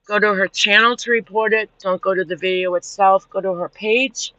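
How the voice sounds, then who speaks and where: A woman's voice: medium pitch, normal speed, no echo. Indignant woman livestreaming, dull lo-fi sound. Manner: animated, indignant retelling. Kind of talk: casual livestream chat.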